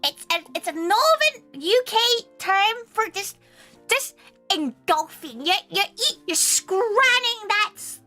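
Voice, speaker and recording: A woman's voice: very high-pitched, sing-song, takes it slowly, sharp tone, faint music behind. A woman hosting a casual chat stream, giggling often and speaking of herself in the third person. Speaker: vtuber host.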